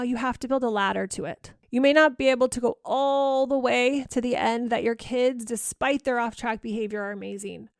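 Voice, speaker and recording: A woman parenting coach talking alone on a podcast, gently repeating soft affirmations in a reassuring way. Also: on the high side, creaky, no echo, clean studio sound. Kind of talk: solo podcast coaching talk.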